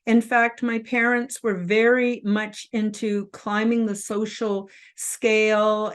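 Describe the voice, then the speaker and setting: A woman in her fifties hosting her own show, telling a personal story to camera in an earnest, openly emotional way, tearful and halting with restarts. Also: mid-range voice. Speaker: host.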